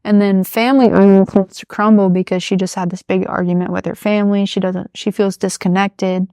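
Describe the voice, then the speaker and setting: A woman's voice: medium pitch, flat delivery, brisk, mellow, smooth, dry recording, studio quality. A young woman co-hosting a casual podcast chat, retelling a story with lots of "like" fillers. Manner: chatty plot retelling, many "like" fillers. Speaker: podcast co-host.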